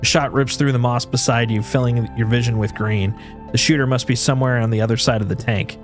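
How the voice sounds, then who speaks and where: A man's voice: mid-range voice, fairly even intonation, fairly quick, faint music behind. A man streaming, reading a video game's story aloud in second person, often restarting his phrases.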